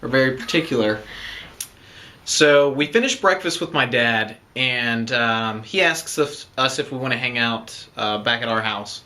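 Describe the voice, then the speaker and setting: A man's voice: medium pitch, measured pace, sharp tone. A young man casually telling the story of his proposal, rambling with lots of fillers. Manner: rambling, many fillers like "you know" and "um".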